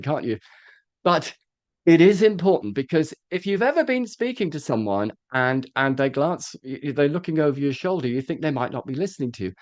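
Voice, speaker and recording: A man coaching a room of presenters, his voice rising and falling in a lively, demonstrative way. He talks with frequent ums and restarts. His pitch sits a touch high for a man. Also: dry recording, muffled recording. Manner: animated, demonstrative, with frequent fillers. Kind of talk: live workshop talk.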